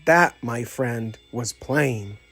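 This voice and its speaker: A man's voice: mid-range voice, drawn-out words, fairly bright tone, husky, faint music behind, voice pushed down, full character voice. A man voicing a spirited female cowgirl toy with a folksy, hollering manner in a storybook reading. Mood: warm.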